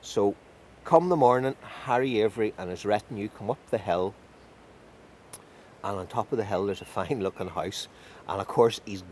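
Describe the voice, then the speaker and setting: A man telling a folk tale in a lively, wry way with drawn-out emphasis. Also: on the low side, a little hiss or hum. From County Tyrone. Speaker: storyteller.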